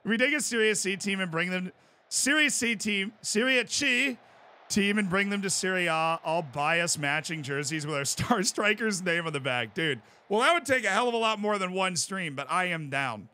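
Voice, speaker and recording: A man in his twenties with an American accent, chatting casually on a live stream as he plays a game and reads out chat, bursting into excited yells. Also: sits high, fairly quick, few pauses. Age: 20s. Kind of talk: casual live-stream commentary while gaming.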